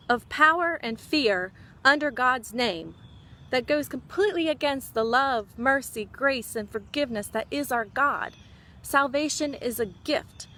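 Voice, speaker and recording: Woman preaching hard at fellow christians, high voice, fired up and scolding, lots of "were you asleep" type questions. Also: fairly bright tone. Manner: fervent, scolding, repeats rhetorical questions. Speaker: Christian speaker. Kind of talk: impassioned exhortation to Christians.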